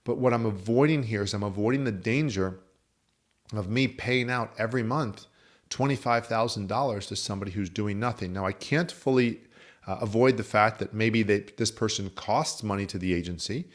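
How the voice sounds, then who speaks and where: A man's voice: lowish voice, normal speed. A man teaching as a business coach, explaining methodically with worked examples. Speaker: insurance agency coach. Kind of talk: instructional talk.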